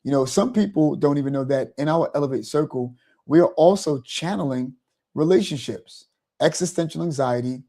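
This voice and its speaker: A man's voice: a little high, normal speed, mellow. A man hosting a motivational talk, rambling and repeating "you know" as he explains. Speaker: host.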